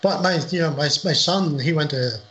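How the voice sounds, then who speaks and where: A middle-aged man from Northern Ireland speaks as an author guest over a livestream call. His voice is bright and somewhat high for a man, and he rambles through anecdotes with repeated words and restarts. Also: normal speed, poor audio. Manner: rambling, repeats words, laughs at own stories. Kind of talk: casual interview chat. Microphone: livestream video call.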